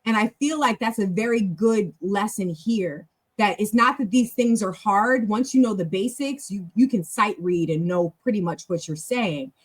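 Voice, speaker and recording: A woman's voice: medium pitch, moderate pace, hardly any pauses, slightly rough, rough recording. A woman hosting a language club, teaching in a chatty, encouraging, long-winded way on a casual live stream.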